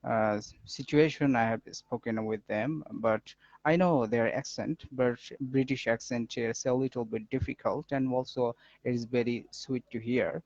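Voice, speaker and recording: A man chatting casually in conversation practice, halting and searching for words. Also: mid-range voice, fairly even intonation, a little mellow, no room sound, muffled recording. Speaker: conversation partner asking questions.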